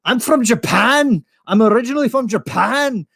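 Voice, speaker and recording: A man's voice: very high-pitched, expressive, moderate pace, creaky, pushed and bright, husky, no room sound, pitched above the performer's own voice, full character voice. A man doing an exaggerated put-on Scottish brogue, playing a chatty fake Scotsman on a plane. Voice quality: exaggerated sing-song brogue, profane.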